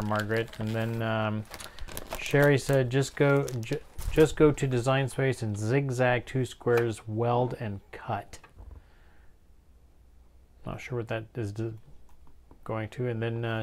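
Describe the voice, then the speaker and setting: A man co-hosting a casual live craft stream, reading viewer comments aloud in a relaxed way. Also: mid-range voice, a little hiss or hum.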